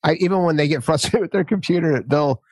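A man's voice: on the high side, fast, no room sound. Chatty man telling a laughing story. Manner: relaxed, chatty, laughs while telling stories. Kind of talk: casual chat.

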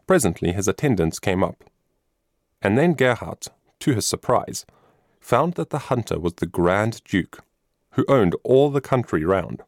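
A man narrating a children's story with measured, expressive reading. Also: on the low side, no room sound, studio quality.

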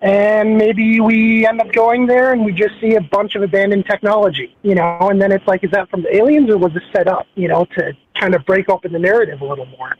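A man's voice: sits high, fairly quick, few pauses. A man calling in to a radio show, talking casually and hesitantly with many fillers. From Minneapolis area. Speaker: caller. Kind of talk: phone-in conversation. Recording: dull phone line with faint hiss.

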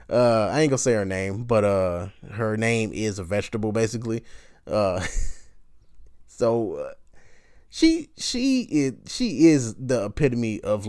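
A man rambles on his podcast in a loose, profane monologue, griping about customers and laughing at his own complaints. His voice sits at an ordinary middle pitch. The recording is dry and close, with no room sound. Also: a little mellow, clean tone, no room sound. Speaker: podcast host.

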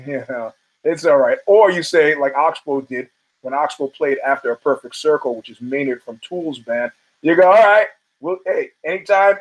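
A man's voice: mid-range voice, highs cut off. A man hosting his own podcast, telling rambling, profane stories and acting out the voices of the people in them. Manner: loose, swearing, acts out quoted voices. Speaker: podcast host. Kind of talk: profane storytelling monologue.

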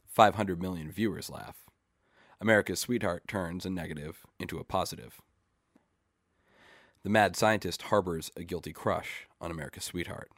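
A man reading a short story aloud in a measured, deadpan way. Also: sits low, no echo, studio quality. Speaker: story reader.

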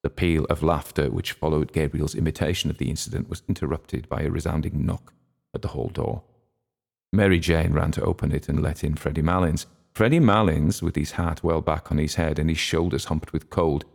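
A man narrating a classic short story in an audiobook, reading in a measured, steady way. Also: rumbling low, gravelly.

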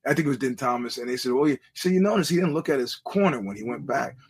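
A middle-aged man hosts his podcast in a husky voice of middling pitch. He rambles through stories, restarting phrases and speaking bluntly, with profanity. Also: lively intonation, fast talker. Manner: digressive storytelling with frequent restarts and laughs. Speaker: podcast host. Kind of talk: casual rambling monologue.

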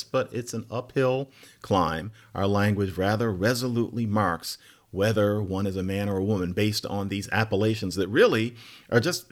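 A man hosting a podcast, giving a conversational lecture on words, musing with quick asides and rhetorical questions. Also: fairly low pitch. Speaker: podcast host.

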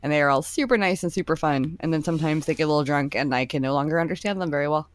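A woman's voice: low-pitched, racing. A woman co-hosting a podcast in casual chat, chatty and laughing often as she acts out quotes. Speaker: podcast co-host.

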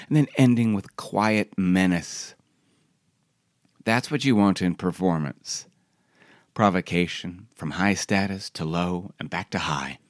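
A man's voice: low-pitched, no echo, clean studio sound. A man reading his own personal essay aloud in a wry, reflective, conversational way.

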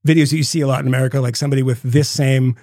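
A man co-hosting a podcast, telling stories in a rambling, profane, animated way. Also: mid-range voice, rapid-fire, no room sound, studio quality. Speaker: podcast co-host. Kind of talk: casual chat.

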